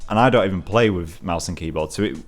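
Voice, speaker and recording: Low-voiced man chatting about games. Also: fast. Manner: relaxed, rambling, amused. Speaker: co-host. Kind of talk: casual gaming chat.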